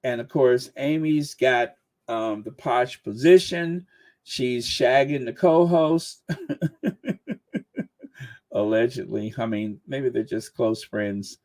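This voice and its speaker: A man's voice: mid-range voice, takes it slowly, a little mellow. A man in his sixties, hosting a livestream with casual, joking commentary. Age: 60s. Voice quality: chatty, joking, frequent laughs. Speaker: channel host.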